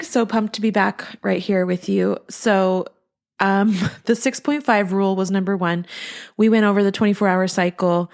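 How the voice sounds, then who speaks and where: A woman's voice: mid-range voice, fairly even intonation, moderate pace, creaky, darkish tone. A sleep-deprived woman in her thirties hosting a podcast in casual chat, rambling with restarts and frequent laughs. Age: 30s. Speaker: podcast host.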